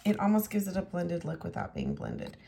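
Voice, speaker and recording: A woman with a low, gravelly voice walks the viewer through a card-making tutorial. She keeps up a chatty, personal commentary as she works with her hands. Her voice sometimes sinks to a hushed near-whisper. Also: huge pitch swings, brisk, noisy background. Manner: chatty, talks straight to the viewer, often drops to a near-whisper while working. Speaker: craft demonstrator.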